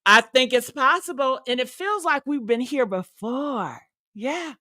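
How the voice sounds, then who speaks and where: Sassy, bright-voiced gossip host, woman. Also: sits high, unhurried, no room sound. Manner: sassy, animated storytelling with acted-out quotes. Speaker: show host. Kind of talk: casual gossip chat.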